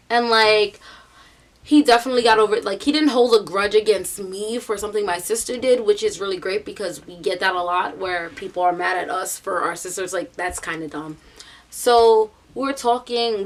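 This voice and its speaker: A young woman with a New York accent telling a story casually, full of "like" and "um", bringing the people in it to life. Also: mid-range voice. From United States. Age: young adult. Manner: chatty, animated storytelling with quoted voices; many fillers like "like" and "um". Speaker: vlogger.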